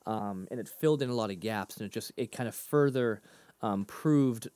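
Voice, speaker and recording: A thirties-aged man from the Boston area co-hosts a podcast, his lowish, warm voice recorded with no room sound. He rambles casually, pokes fun at himself, and laughs readily at his own jokes.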